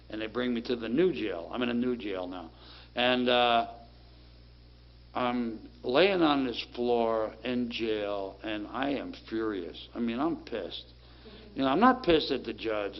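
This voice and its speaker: A middle-aged man giving a plainspoken personal recovery testimony, talking casually with many fillers. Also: mid-range voice. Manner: plainspoken, conversational, full of fillers. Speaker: recovery speaker. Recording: dull lo-fi sound.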